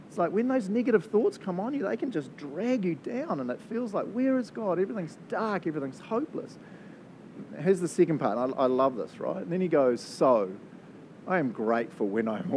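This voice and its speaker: Man, New Zealand accent, pastor, dark warm tone, casual animated preaching, faint low hum. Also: low-quality recording. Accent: New Zealand English. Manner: animated, chatty, quick to laugh. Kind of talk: sermon with prayer.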